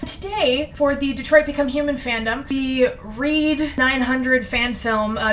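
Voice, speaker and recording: Chatty young woman with a high voice. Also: slight background noise. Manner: chatty, swears casually, frequent loud exclamations. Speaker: baking vlogger. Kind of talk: casual baking vlog. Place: home kitchen. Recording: distant mic, background music.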